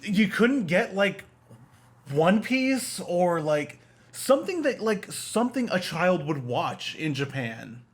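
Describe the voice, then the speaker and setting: A man with a slightly raised voice co-hosts a casual film podcast. He rants in an animated, exasperated way and swears freely. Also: high-pitched, takes it slowly. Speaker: podcast co-host. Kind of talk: casual film-discussion chat.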